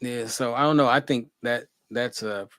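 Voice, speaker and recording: A man's voice: medium pitch, steady tone, normal speed, fairly bright tone, dry recording. A man hosting a casual group chat, rambling loosely and laughing often. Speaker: host.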